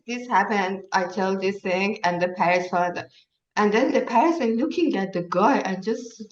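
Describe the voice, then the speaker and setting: A woman leading a workshop, telling a story in halting with many fillers, heard over a video call. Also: medium pitch. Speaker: workshop leader. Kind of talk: casual storytelling. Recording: roomy, distant, dull sound.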